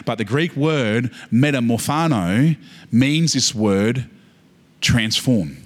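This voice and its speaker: A man with an Australian accent preaching a sermon, animated and humorous, building to emphatic peaks. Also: mid-range voice, slow pace. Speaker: pastor. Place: church service.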